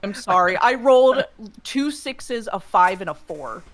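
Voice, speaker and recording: A woman's voice: medium pitch, animated, unhurried. A woman playing a tabletop game, flustered and apologetic, swearing casually as she takes her turn. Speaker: player.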